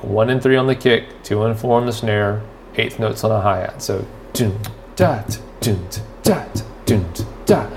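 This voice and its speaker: A man's voice: mid-range voice, creaky, slight background noise. A man hosting a drum podcast, giving a loose, rambling spoken lesson full of fillers and restarts. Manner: rambling, filler-heavy, loses and finds his thread. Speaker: drummer and podcast host.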